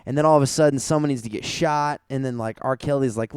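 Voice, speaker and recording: A man's voice: medium pitch, fast talker, darkish tone, clean tone, dry recording, studio quality. A young man co-hosting a podcast, talking casually and rambling, swearing and laughing often. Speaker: podcast co-host.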